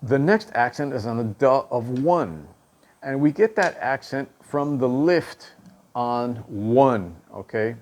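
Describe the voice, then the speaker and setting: A man's voice: medium pitch, lively intonation, takes it slowly, darkish tone. A male drum instructor explaining stick technique, counting and calling out stickings and checking in with "okay?" after each point. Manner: counts and calls out stickings aloud.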